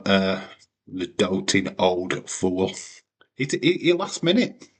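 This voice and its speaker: A man's voice: low-pitched, big pitch swings, takes it slowly, slightly rough. A man hosting a wrestling watch-along, giving blunt, opinionated commentary full of swearing and frequent restarts.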